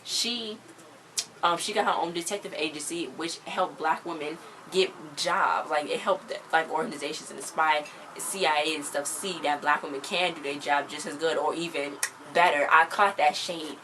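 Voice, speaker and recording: A woman's voice: low voice, moderate pace, slight background noise, rough recording. A young woman reviewing a TV episode in a casual, slangy, emphatic vlog chat. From US countryside. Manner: chatty, emphatic, slangy, animated.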